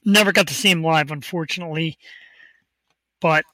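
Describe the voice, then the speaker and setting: A man's voice: a little high, normal speed, bright, forceful tone, dry recording, rough recording. A man hosting a casual podcast from a home studio, talking with upbeat, rambling enthusiasm into a desk microphone. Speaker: host.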